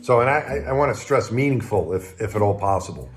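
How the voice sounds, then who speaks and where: A man who was an astronaut, telling personal anecdotes to the camera in a relaxed conversational way. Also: fairly low pitch, fast talker, soft background music. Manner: anecdotal, conversational, warm retelling with acted quotes. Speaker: retired astronaut. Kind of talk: storytelling talk to camera.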